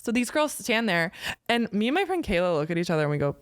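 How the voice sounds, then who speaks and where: A woman in her thirties tells a story on a podcast. She is animated and loose, swears freely and fills her sentences with "like". Her voice leaps up and down in pitch, and it is recorded close and dry. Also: quick pace, smooth, no echo. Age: 30s. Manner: animated, profane storyteller with lots of "like". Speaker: guest.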